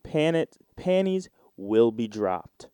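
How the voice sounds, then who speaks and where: A man's voice: mid-range voice, very animated, very slow, warm tone, smooth, no room sound, clean studio sound. A man in his twenties from the United States, hosting a solo podcast in a loose, rambling, profane chat. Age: 20s. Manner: rambling, loose and profane, with many fillers and restarts. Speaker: podcast host.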